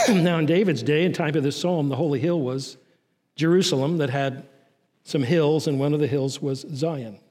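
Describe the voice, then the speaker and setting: A man preaching a sermon as pastor, swinging from raised, urgent lines to low, quiet ones. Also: normal speed, long reverb tail. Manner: preaching with rising and falling intensity, dropping low and soft on key lines.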